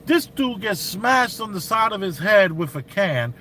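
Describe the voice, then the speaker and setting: Man, casual storyteller, bright forceful tone, slightly high voice, faint vehicle noise. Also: measured pace. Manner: animated, acts out quotes, slang. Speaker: commentator.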